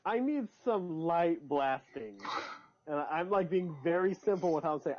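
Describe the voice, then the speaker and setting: A man's voice: a little high, expressive, normal speed, darkish tone, a little hiss or hum. A man playing a tabletop role-playing game, talking casually in a rambling, hesitant, jokey way. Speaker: player. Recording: lo-fi dull recording.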